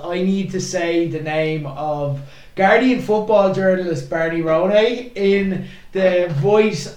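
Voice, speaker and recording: A man co-hosting a podcast, rambling and giggling through a casual story. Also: sits high. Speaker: podcast co-host. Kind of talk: casual chat. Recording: echoey room, distant mic.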